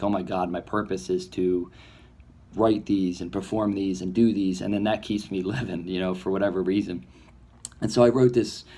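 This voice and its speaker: Deep-voiced, this man is a comedy filmmaker musing in a rambling, reflective monologue. He becomes more animated as he performs imagined voices.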